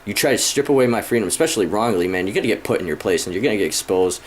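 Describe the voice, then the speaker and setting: Thirties male vlogger, low voice, rambling profane rant, faint room noise. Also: expressive, racing. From Michigan, USA. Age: 30s. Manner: frustrated, profane, rambling with many fillers. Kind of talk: casual rant to camera.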